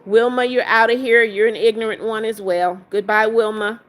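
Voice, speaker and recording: A woman's voice: a little high, steady tone, normal speed. A woman hosting a casual livestream, reading viewers' comments aloud, greeting them and firmly sending out trolls. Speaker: livestream host.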